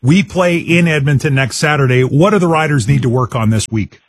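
Husky-voiced radio host, dry studio. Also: male voice, a little high, fairly quick, no room sound. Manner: friendly, steering the conversation. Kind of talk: radio talk show hosting.

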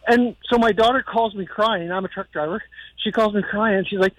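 A man's voice: high-pitched, normal speed, dry recording, highs cut off. A middle-aged man calling in to a radio show on the phone, chatty and laughing as he tells a story. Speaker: radio caller. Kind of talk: casual storytelling.

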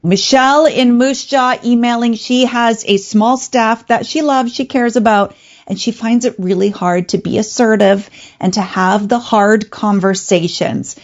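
Calm, clear woman hosting. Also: on the high side, measured pace, highs cut off. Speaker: radio show host. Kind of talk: advice talk show monologue.

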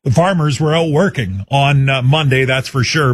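A man's voice: on the high side, lively intonation, moderate pace, slightly rough, dry recording. A man hosting a live call-in radio quiz show, chatty and upbeat, taking listener guesses. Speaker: radio talk show host.

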